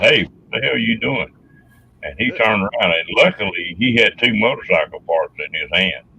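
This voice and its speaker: A man with a deep, gravelly, husky voice tells a tale in casual chat. His tone is sharp and forward. The recording sounds dull and lo-fi. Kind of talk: casual storytelling.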